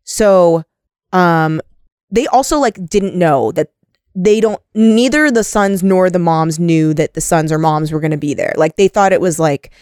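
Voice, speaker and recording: A young adult woman co-hosting a podcast, talking in an animated, chatty way and saying "like" often. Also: on the low side, a little slow, clean tone, no room sound, clean studio sound. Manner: chatty and animated, heavy use of "like". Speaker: podcast co-host. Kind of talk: casual chat.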